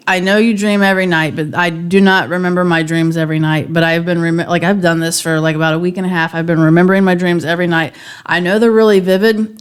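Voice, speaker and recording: A woman's voice: on the low side, smooth. A woman and mother co-hosting a podcast, telling long stories in casual chat with plenty of fillers. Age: adult mother. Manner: chatty storyteller, lots of fillers. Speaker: podcast co-host.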